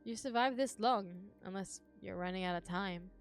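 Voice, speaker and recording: A woman voicing a cool, smug young man from a dating game, speaking low, quiet and dry. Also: normal speed, faint music behind, close to an everyday voice. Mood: dry, teasing. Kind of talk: game dialogue read aloud.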